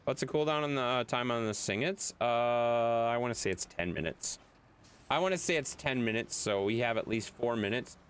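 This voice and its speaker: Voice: mid-range voice, expressive, normal speed, smooth. A game streamer chatting casually with viewers, loose and jokey, swearing freely. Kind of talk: casual live-stream chat.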